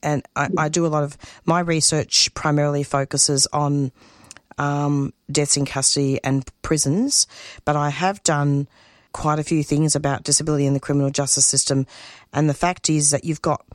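Earnest woman, low voice. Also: fairly even intonation, dry recording, studio quality. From Australia. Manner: emotional, earnest, halting with restarts. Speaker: community radio producer and host. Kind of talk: interview guest, spontaneous talk.

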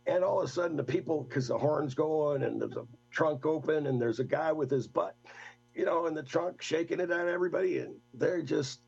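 An older man, a guest, telling a rambling, animated story in casual talk. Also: fairly high pitch, brisk, gravelly, slightly rough, highs cut off, faint music behind. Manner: rambling, animated anecdote with laughs.

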